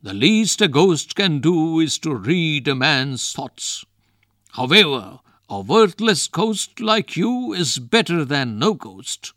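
A man playing a loud, taunting wrestler. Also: on the high side, sing-song, takes it slowly, no echo, clean studio sound, pitched above the performer's own voice, heavily acted. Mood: bored mocking. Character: bold, mocking young male wrestler.

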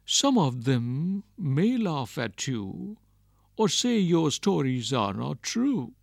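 A kindly old grandfather from a storybook, read by a man, speaking gently and patiently. His voice is gravelly with a lively lilt, recorded dry and close. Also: fairly high pitch, slow, no room sound, heavily acted. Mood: gentle.

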